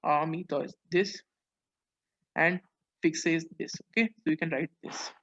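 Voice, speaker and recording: A man teaching a French lesson online, translating phrase by phrase and pausing on "uh"s as he explains. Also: fairly high pitch, steady tone, fairly bright tone. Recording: dull lo-fi audio.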